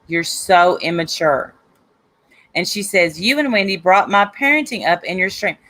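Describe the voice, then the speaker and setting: A woman's voice: mid-range voice, lively intonation, fairly quick, pushed and bright. A woman hosting a live stream, casually retelling an online argument and reading the comments aloud. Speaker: host of a live stream show.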